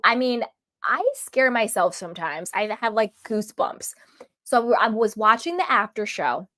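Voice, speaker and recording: Woman vlogger, fairly high voice, casual and emphatic reality-TV recap. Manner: emphatic, animated, talks in quick asides. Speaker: reality TV reviewer. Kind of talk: casual opinionated recap commentary.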